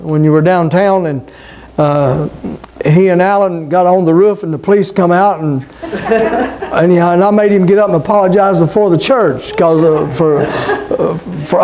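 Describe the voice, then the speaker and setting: A man's voice: sits high, normal speed, darkish tone. A middle-aged man preaching a sermon as pastor, talking conversationally and calling out to the congregation.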